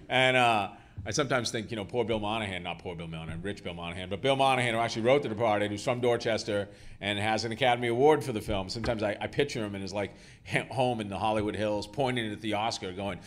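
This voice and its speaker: A man's voice: on the low side, fast, slight background noise. A man, an author, telling self-deprecating stories to a live audience in a school hall, with frequent fillers and restarts. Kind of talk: live storytelling talk. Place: school auditorium before an audience.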